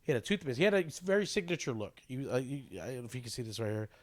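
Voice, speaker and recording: A man's voice: mid-range voice, sing-song, racing. A young man co-hosting a casual podcast, rambling through his points with many fillers and restarts, often laughing and swearing. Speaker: podcast co-host.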